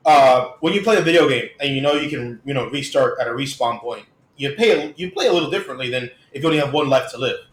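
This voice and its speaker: A man's voice: medium pitch, fast. A man co-hosting a casual podcast chat, recapping comic book plots in upbeat detail. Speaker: podcast co-host. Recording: echoey room.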